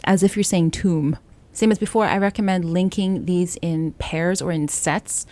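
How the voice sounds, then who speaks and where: Low, mellow-voiced woman vocal coach. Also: normal speed, no echo. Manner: explains calmly, breaks into sung examples. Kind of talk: singing lesson.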